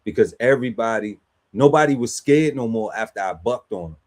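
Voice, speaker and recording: A man's voice: mid-range voice, expressive, a little fast. A man on a podcast panel telling a story in casual, slangy chat, laughing often and acting out quotes.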